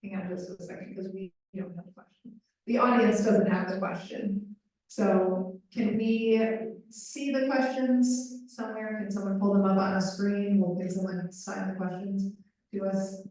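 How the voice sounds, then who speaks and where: A woman's voice: mid-range voice, fairly even intonation, measured pace, dark tone. Woman interpreter, echoey and distant. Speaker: sign language voice interpreter. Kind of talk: live panel interpreting. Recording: echoey room, far from mic.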